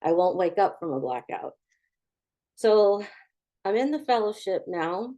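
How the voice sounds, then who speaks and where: A woman's voice: medium pitch, big pitch swings, unhurried, warm tone. A middle-aged woman giving a candid, humorous personal recovery testimony, acting out the voices of the people in her story. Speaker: recovery speaker.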